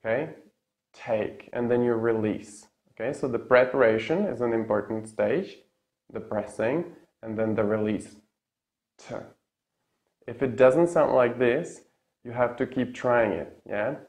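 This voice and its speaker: A man with Czech as his first language teaching English pronunciation in a casual lesson, repeating example words slowly and tagging sentences with "yeah?". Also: mid-range voice, a little mellow. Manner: tags sentences with a questioning "yeah?".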